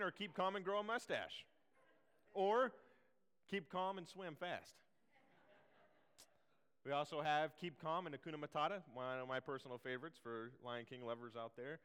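A man's voice: fairly high pitch, moderate pace, bright, forceful tone, smooth, in a large hall. A man preaching a sermon in a casual, chatty way, full of fillers and restarts.

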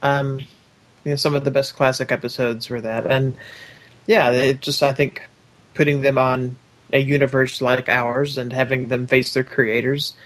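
A man's voice: medium pitch, little pitch movement, normal speed, fairly bright tone. Give me a male podcast host in casual, hesitant chat. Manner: meandering, hesitant with fillers.

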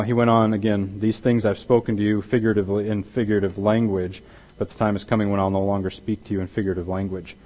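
A pastor delivering a conversational sermon, often restarting his sentences and growing animated when he acts out what is said. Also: on the low side, rough recording. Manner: conversational with repeated restarts, grows loud and animated in dramatized quotes.

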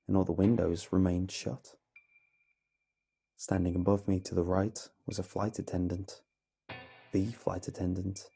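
A man narrating a horror story in a measured, dramatic way over a faint music bed. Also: low voice, gravelly, mellow, husky.

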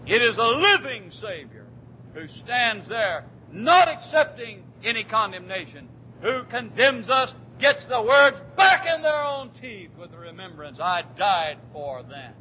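A man with a high, bright voice preaches a fervent sermon, sinking to near-quiet, drawn-out phrases before rising to shouted declarations with big pitch swings. A faint church rumble sits behind him, and the audio is poor.

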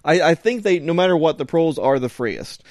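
A man's voice: a little high, big pitch swings, fairly quick, a little mellow, no room sound. A man co-hosting a podcast in casual chat, rambling and joking with lots of fillers. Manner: rambling, filler-heavy, jokey. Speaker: podcast co-host.

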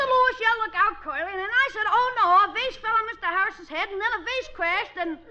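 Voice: very high-pitched, quick pace, dull audio. A performer voicing a cheeky, sarcastic young boy in a 1950s radio sitcom, heard on an old broadcast recording. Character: bratty wisecracking young delivery boy. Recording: old radio broadcast, loud audience laughter, hiss.

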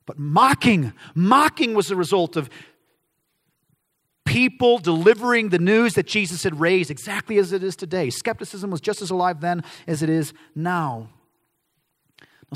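Male pastor, sermon, high and lively voice, rhetorical questions, long hall echo. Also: moderate pace. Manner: animated, acts out quoted voices, emphatic questions and answers.

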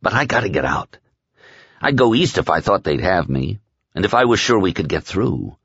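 A man reading aloud and voicing a nervous, miserable male crony who speaks in a hesitant, subdued, low way. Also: very animated, normal speed, a bit bright, breathy edge, no room sound, highs cut off, heavily acted. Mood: anxious.

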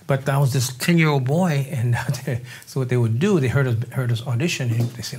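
A husky older man from New Orleans, speaking at a middle pitch in a loose, chatty interview. He tells his stories with lively turns, acting out the voices of the people in them and laughing along the way. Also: brisk, few pauses. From New Orleans, Louisiana. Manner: animated storyteller, acts out quoted voices, laughs often. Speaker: guest drummer. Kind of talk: casual interview storytelling.

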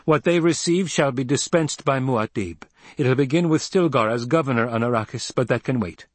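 A man voicing a young male ruler who gives cold, measured commands, slightly husky. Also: medium pitch, no room sound, pitched above the performer's own voice, close to an everyday voice. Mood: commanding.

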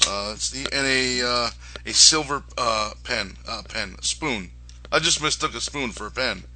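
A man's voice: mid-range voice, measured pace, heavy background noise. A man co-hosting a casual podcast, rambling with lots of hesitations. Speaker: podcast co-host. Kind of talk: casual chat.

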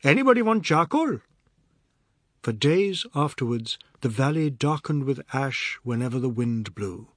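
Man reading a novel aloud, steady, husky tone, dry sound. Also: medium pitch, no room sound. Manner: measured, steady storytelling. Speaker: audiobook narrator. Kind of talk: scripted narration.

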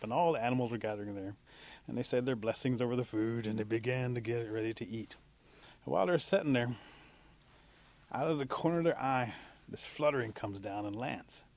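A man telling a traditional animal tale aloud, bringing the animals to life with lively delivery. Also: on the low side. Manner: animated, acts out voices of animals. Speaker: storyteller. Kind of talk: oral storytelling.

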